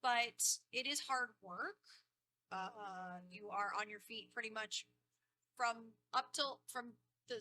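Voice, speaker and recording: A woman speaks on a convention panel with a bright voice pitched a little high. She tells friendly stories and often acts out what others said. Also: takes it slowly, poor audio. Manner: friendly storytelling with quoted asides. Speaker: cosplay guest panelist. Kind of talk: casual convention panel talk.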